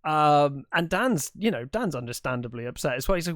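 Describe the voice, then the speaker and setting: A man's voice: a little high, expressive, brisk, a bit bright, no room sound, clean studio sound. A man co-hosting a film podcast, retelling the plot in casual chat with lots of ums and restarts. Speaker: podcast co-host.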